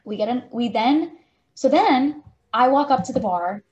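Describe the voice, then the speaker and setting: A woman's voice: sits high, expressive, measured pace, darkish tone, lo-fi sound. A young woman in her twenties co-hosting a podcast, telling a story casually and saying "like" constantly. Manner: chatty, fills speech with "like". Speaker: podcast co-host.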